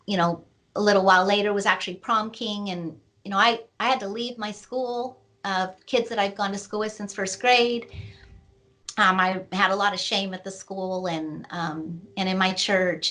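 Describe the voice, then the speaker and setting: A middle-aged woman, an author, slowly telling a painful personal story in an interview, with many pauses and fillers. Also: mid-range voice, a bit bright. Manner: slow, reflective, with many fillers. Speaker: author and guest.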